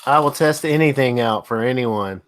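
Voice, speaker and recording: A man's voice: mid-range voice, moderate pace. A man from North Carolina co-hosting a live drone chat stream, easygoing and hesitant with lots of fillers. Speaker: co-host.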